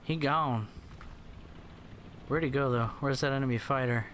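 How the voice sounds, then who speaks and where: A man's voice: medium pitch, measured pace, a bit bright, slight background noise. A man giving silly, rambling commentary while playing an air combat game, often slipping into mock voices. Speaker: gameplay commentator. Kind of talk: goofy gameplay commentary.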